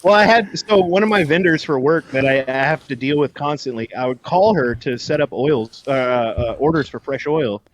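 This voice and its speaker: A man's voice: fairly high pitch, normal speed, hardly any pauses, slight background noise. A man from California, a podcast guest, telling stories in casual chat, acting out voices and swearing freely. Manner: animated storyteller, acts out voices, swears freely.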